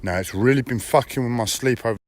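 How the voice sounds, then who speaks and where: A man's voice: medium pitch, fast, no room sound. A man streaming live, talking in a blunt, profane personal monologue with repeated phrases and a whiny edge.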